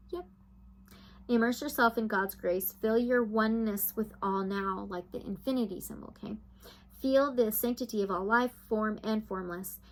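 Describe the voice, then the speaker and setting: A woman tarot reader reading oracle card messages aloud in a slow, soothing guided-meditation way, now and then breaking into excited gushing. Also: medium pitch, rough recording.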